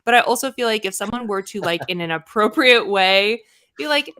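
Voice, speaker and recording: Young woman co-host, bright tone, lively blunt opinions, casual live chat. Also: medium pitch, a little fast. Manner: animated, acts out quoted people, swears casually.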